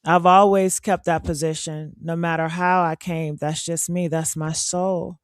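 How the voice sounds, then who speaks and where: A woman's voice: on the low side, little pitch movement, normal speed, no room sound, clean studio sound. A trans woman hosting a casual livestream chat, talking in a sassy, blunt and emphatic way.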